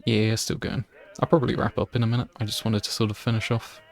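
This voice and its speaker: A man's voice: on the low side, little pitch movement, fast, gravelly. A man streaming a game playthrough live, chatting in a rambling way with lots of fillers.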